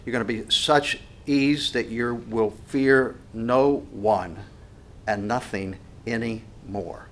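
A man's voice: medium pitch, slow pace, slight background noise. A middle-aged man preaching a sermon in an earnest, conversational way, with frequent restarts and fillers. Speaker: pastor.

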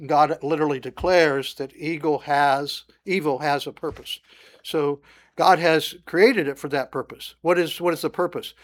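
A man's voice: fairly high pitch, fairly even intonation, moderate pace. A man teaching through a psalm in a conversational sermon, stopping often with "uh" and lifting his voice when reading verses aloud. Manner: conversational, frequent "uh" fillers, rising emphasis on scripture. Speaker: Bible teacher.

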